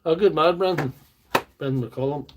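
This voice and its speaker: A man's voice: a little high, moderate pace, noisy background. A man with a Northern Irish accent hosting a casual live stream from a makeshift workshop, chatting in a rambling, self-deprecating way. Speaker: livestream host, tool repairer. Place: makeshift home workshop studio. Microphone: phone on small tripod.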